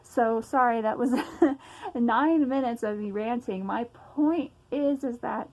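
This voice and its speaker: A young woman vents in a casual personal rant, her voice pitched a little high. She sounds agitated and emphatic, sighing often and swearing as she goes, recorded at home. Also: takes it slowly, a little mellow, poor audio. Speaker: vlogger.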